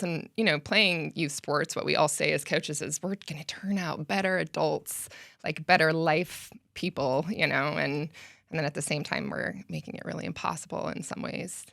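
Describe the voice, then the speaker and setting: Low, gravelly-voiced woman guest. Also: no room sound, studio quality. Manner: animated storytelling with frequent fillers and laughs. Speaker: concussion program coordinator and lecturer. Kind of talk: casual conversational interview.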